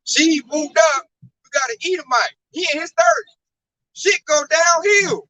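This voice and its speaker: Bright-toned guy preaching casual, swears a lot, gets worked up. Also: very high voice, unhurried, slight background noise, rough recording. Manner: animated, profane and preachy. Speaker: religious talk show speaker.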